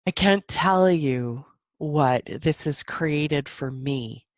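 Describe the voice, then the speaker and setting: Speaking extremely slowly in a low voice, a podcast host reflects alone on emotional matters, laughing between thoughts. Her nose is stuffy, she's a bit teary, and the recording is dry.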